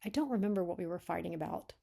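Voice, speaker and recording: A woman reading a manuscript aloud and critiquing it, thinking aloud with frequent self-corrections and sometimes dropping to a soft whisper. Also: lowish voice, rapid-fire, vocal fry. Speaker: beta reader.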